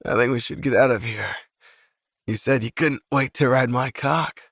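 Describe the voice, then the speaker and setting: A man's voice: medium pitch, moderate pace, vocal fry, a bit bright, slightly rough, no echo, clean studio sound. A man playing a reckless young man who teases and mocks with a manic grin. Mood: mocking. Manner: teasing, mocking.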